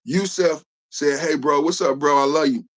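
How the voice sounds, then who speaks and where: Podcast host, male, slightly higher voice, laid-back joking live-stream talk. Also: normal speed. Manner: loose, joking, repeats "man" a lot. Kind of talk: casual live-stream chat.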